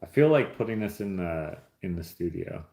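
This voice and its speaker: A man's voice: low-pitched, expressive, normal speed, vocal fry, mellow. A man hosting a casual livestream, reading chat aloud and opening gifts in an easygoing, joking way. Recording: roomy echo.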